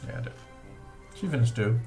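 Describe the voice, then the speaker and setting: A man's voice: mid-range voice, lively intonation, fairly quick, gravelly, warm tone, soft background music. A man chatting and teasing the others as he plays a board game, laughing now and then. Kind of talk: casual chat while playing a board game.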